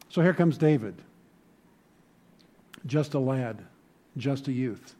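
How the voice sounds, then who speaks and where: A man's voice: mid-range voice, takes it slowly, pauses often, warm tone. A middle-aged man preaching a sermon, telling stories conversationally and building to emphatic points. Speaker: pastor.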